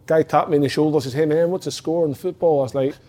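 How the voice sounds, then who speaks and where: A man's voice: a little high, steady tone, fast, warm tone. A Scottish man from Scotland telling casual anecdotes on a chat show, swearing freely. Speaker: former footballer, podcast regular.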